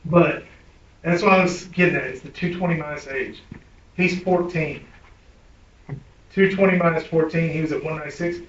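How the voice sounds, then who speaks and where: A middle-aged man teaching a classroom of medics, blunt and salty, throwing questions at his students. His voice sits a bit high for a man. He's picked up from far off in an echoey room, dull and lo-fi, with faint noise behind him. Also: steady tone, normal speed, pauses often, a bit bright. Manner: blunt, profane, quizzing the class. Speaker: EMS instructor. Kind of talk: classroom lecture with anecdotes. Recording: echoey room, distant mic.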